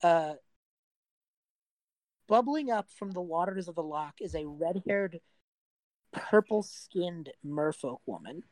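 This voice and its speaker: A woman's voice: fairly low pitch, lively intonation, slow, pauses often, darkish tone, no room sound. Rambling young woman game master. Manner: casual, rambling, lots of fillers. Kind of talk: narrating a tabletop game.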